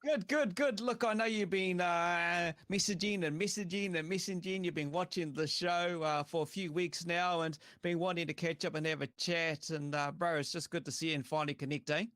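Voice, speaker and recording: A man's voice: high voice, steady tone, normal speed, few pauses, fairly bright tone, dry recording, studio quality. A man hosting a casual chat, matey and upbeat. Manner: matey and upbeat, says "mate" and "bro". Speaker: podcast host.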